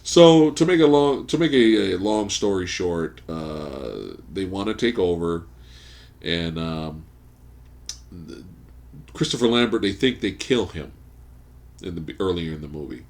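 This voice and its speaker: A man hosting a podcast, casually recapping a movie plot as an animated storyteller who swears freely. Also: deep voice, measured pace, vocal fry. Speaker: podcast host. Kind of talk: casual movie review chat. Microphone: studio podcast mic.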